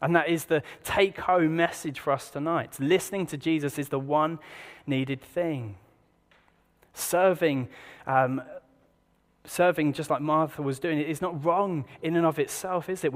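A man preaching in a relaxed, conversational way, fairly high in pitch, often turning to the congregation with rhetorical questions. His voice carries a long reverb, as in a large church hall. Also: normal speed. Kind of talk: sermon.

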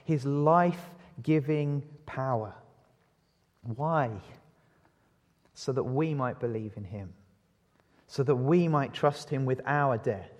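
A man preaching an evening sermon, asking the congregation rhetorical questions and shifting pace and loudness for emphasis. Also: mid-range voice. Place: church. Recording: long reverb of a church hall.

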